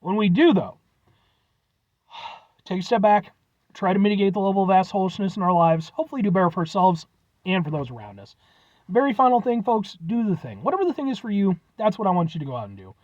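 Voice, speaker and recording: A man's voice: high-pitched, sing-song, quick pace, darkish tone, no room sound, muffled recording. A man reviewing snacks on his vlog, rambling and joking, swearing casually as he signs off. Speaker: food review vlogger.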